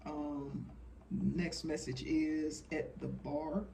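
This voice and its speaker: A man in his thirties talks in a loose, blunt way, cursing freely and circling back on his thoughts. His voice sits a little high for a man. He is heard from some way off the mic, with a faint hiss of noise behind him. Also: flat delivery, very slow, vocal fry, mellow, recorded from a distance. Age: 30s. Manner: frank, profane, rambling with fillers. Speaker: channeler sharing messages. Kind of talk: casual monologue.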